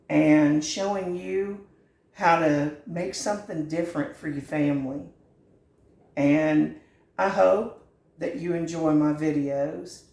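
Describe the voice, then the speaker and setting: A woman's voice: low-pitched, a little mellow, echoey room. A middle-aged woman, hosting a home cooking channel in a folksy, earnest and sentimental chat from her kitchen. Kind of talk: heartfelt direct-to-camera chat.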